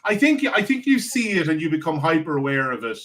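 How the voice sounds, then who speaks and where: Irish male podcast guest, higher voice, lively storyteller who swears and restarts a lot. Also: quick pace. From Ireland. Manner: animated storyteller, casual swearing, many restarts. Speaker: venture capital guest. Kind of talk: casual podcast chat.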